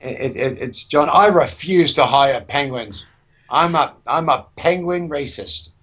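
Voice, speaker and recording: A man's voice: on the high side, a little slow, fairly bright tone, slightly rough, lo-fi sound. A man hosting a mock-serious comedy news show, rambling and stammering as he improvises.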